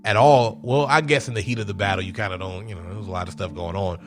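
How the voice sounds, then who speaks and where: A man's voice: fairly low pitch, fast, faint music behind. A man co-hosting a casual reaction chat, loose and laughing, swearing freely. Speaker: podcast co-host.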